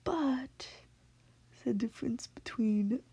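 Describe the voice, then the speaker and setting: A woman giving a casual spoken voice lesson from home at night, in a hushed, half-whispered way with many fillers. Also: a little high, takes it slowly, creaky, husky, low-quality recording. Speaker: voice tutorial creator.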